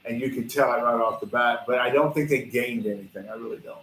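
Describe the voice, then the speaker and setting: Male host, mid-pitched, rambling folksy storyteller, recorded in a reverberant workshop. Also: fast, a bit bright, a little hiss or hum. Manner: folksy, chatty, addresses viewers directly. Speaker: host of a livestream shop show. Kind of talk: casual rambling storytelling to chat.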